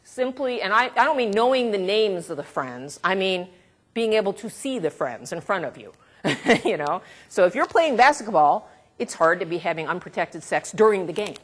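A woman's voice: mid-range voice, animated, moderate pace. A woman researcher giving an academic lecture in a conversational way, with asides and the odd chuckle.

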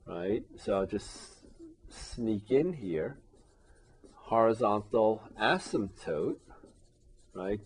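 A man lectures on calculus in a classroom, taking his time with a low, husky voice. He keeps asking his students "right?" as he works at the board. His voice drifts off now and then as he turns away from the camera. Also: darkish tone. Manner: checks in often with rhetorical questions; moves about the board, voice fading as he turns away. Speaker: math teacher. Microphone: camera in the room.

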